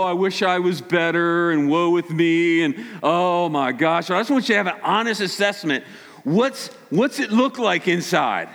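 A man's voice: sits high, a bit bright. A man preaching a casual sermon, telling stories with a sarcastic streak and acting out quotes. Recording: long hall reverb.

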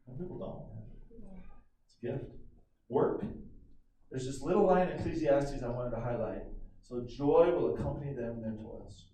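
Echoey, mellow-voiced preacher in a church. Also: male voice, mid-range voice, moderate pace, long pauses. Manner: conversational, animated preaching with call-and-response. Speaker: pastor. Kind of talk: sermon. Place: church sanctuary. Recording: echoey room from a distance.

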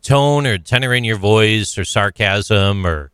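A man's voice: fairly low pitch, unhurried, fairly bright tone, clean tone, no echo, studio quality. A man in casual conversation, asking pointed follow-up questions. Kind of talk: casual chat.

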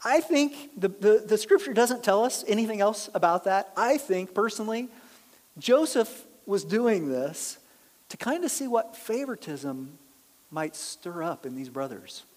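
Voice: mid-range voice, expressive, measured pace, a little mellow. A pastor preaching a sermon, telling the story with energy and acting out the voices of the people in it. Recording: long reverb of a large hall.

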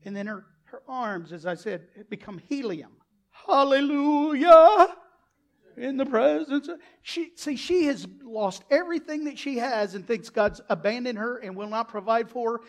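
A male pastor preaching a sermon with animated delivery. He breaks into loud bursts and acts out quotes. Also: high-pitched, normal speed, few pauses.

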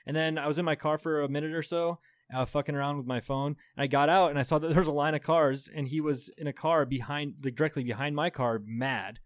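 A man's voice: fairly high pitch, fast, few pauses, no echo. A man around thirty, co-hosting a podcast, telling profane stories in casual chat with frequent laughs. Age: 30s. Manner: profane, animated storytelling with laughs. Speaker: podcast co-host.

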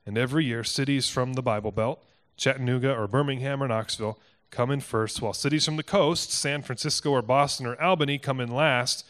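A man from Iowa preaching with conviction. His voice sits at an ordinary middle pitch, and he leans hard on key lines, pressing his points home with earnest emphasis. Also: a little fast. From Iowa, United States. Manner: earnest, emphatic, rising to forceful peaks. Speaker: pastor. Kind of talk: sermon.

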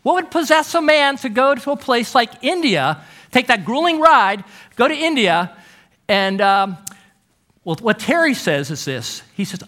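A middle-aged man preaching, his voice high and bright as he leans into each story. He swings his pitch widely, pausing for effect and pressing hard on key words. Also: big pitch swings. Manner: storytelling, emphatic with dramatic pauses. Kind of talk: sermon.

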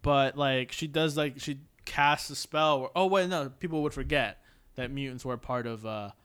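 A man co-hosting a podcast in casual chat, rambling and halting with frequent restarts. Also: mid-range voice, fairly bright tone, smooth. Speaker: podcast co-host.

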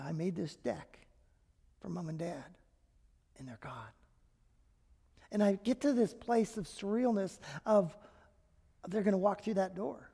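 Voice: medium pitch, mellow. A pastor preaching a sermon, reading scripture aloud with dramatic emphasis and speaking in a personal, reflective way. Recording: long hall reverb.

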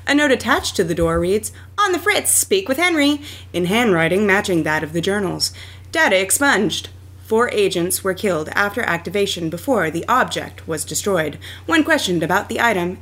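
A woman's voice: mid-range voice, a bit bright. A woman co-hosting a podcast, reading documents aloud with playful, jokey asides. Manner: playful, wisecracking. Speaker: podcast co-host and reader.

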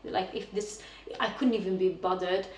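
A woman chats animatedly as a podcast guest, leaning on "like" and "you know" as she tells her stories. Her voice is neither high nor low. It bounces around an echoey room, picked up from some distance away, with a faint hiss underneath. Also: moderate pace. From Romania. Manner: animated storyteller, heavy use of "like" and "you know". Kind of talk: casual conversation.

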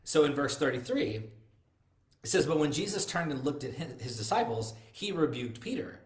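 A man's voice: a little high, big pitch swings, moderate pace. A man preaching a sermon in a conversational way, often restarting and repeating words. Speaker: pastor. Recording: echoey room.

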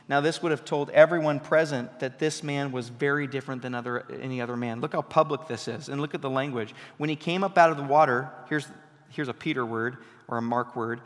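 A man's voice: on the high side, normal speed. A man preaching a sermon as pastor, talking conversationally and then rising into emphatic bursts. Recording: long hall reverb.

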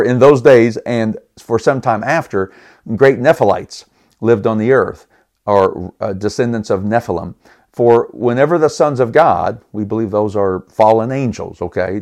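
Male podcast Bible teacher, slightly low voice, earnest and emphatic, stumbles and restarts phrases, talks straight to listeners. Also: darkish tone. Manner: earnest, emphatic, stops and restarts words often; appeals to listeners with rhetorical questions.

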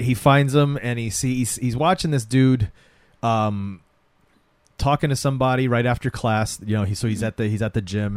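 A man's voice: medium pitch, no room sound. Man animatedly retelling a TV episode. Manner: animated retelling with acted quotes. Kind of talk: casual chat recapping a TV episode.

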